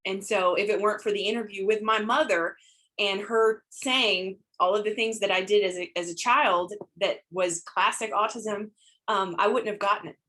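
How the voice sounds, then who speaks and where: Singer lady on a group call, bright punchy voice, upbeat. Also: mid-range voice, fairly even intonation, normal speed, poor audio. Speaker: professional singer. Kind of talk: casual group video call.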